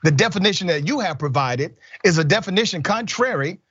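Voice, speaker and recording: A man formally questioning a witness at a hearing, measured and deliberate as he reads out definitions. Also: high voice, expressive, a bit bright, slightly rough, dry recording, lo-fi sound.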